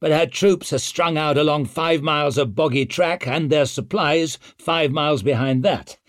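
A man voicing a gaunt, nervous older male lord who talks in a hurried, uneasy way. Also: fairly high pitch, no echo, clean studio sound, pitched above the performer's own voice, lightly acted.

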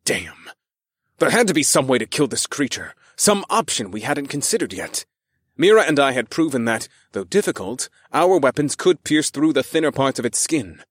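A man's voice: mid-range voice, big pitch swings, normal speed, no echo. Man narrating a fantasy audiobook, dry sound.

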